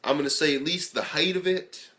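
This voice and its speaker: A young man casually reviewing an anime episode, excitable and rambling, swearing freely and filling his talk with "like". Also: on the high side, brisk. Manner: excitable, profane, rambling with lots of fillers.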